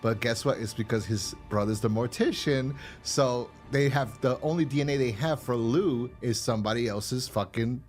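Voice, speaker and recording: A man's voice: mid-range voice, moderate pace, hardly any pauses, a little mellow, faint music behind. A man casually retelling an episode's plot on a podcast, swearing and restarting often. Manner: rambling, profane retelling with many restarts. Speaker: podcast co-host reviewing a horror episode. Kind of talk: casual chat.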